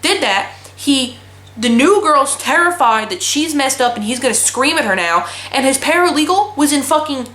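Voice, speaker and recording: A young woman in her twenties talks in a slightly high voice, blunt and swearing freely as she rants. Her voice bounces around an echoey room. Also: lively intonation, moderate pace, a bit bright. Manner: blunt, profane ranting storyteller. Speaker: vlogger. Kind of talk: casual chat.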